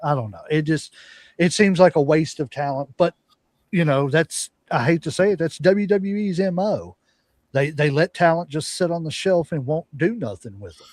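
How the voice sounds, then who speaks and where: A man's voice: on the high side, lively intonation, normal speed, darkish tone, no echo. A man hosting a podcast, talking in a rambling, opinionated way about wrestling. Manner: rambling, opinionated, many fillers. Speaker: podcast host. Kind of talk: casual wrestling commentary.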